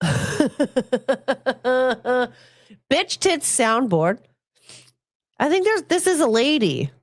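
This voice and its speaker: A woman's voice: big pitch swings, extremely slow, dry recording. A woman hosting a podcast, telling crude childhood stories in a joking way and reading chat comments. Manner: chatty, crude and joking, swings pitch a lot in quoted voices. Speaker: podcast host.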